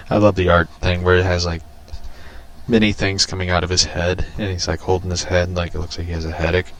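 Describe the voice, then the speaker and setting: A man's voice: sits low, flat delivery, brisk. A man who hosts a casual show, reading a comic aloud and chatting with enthusiasm, laughing often.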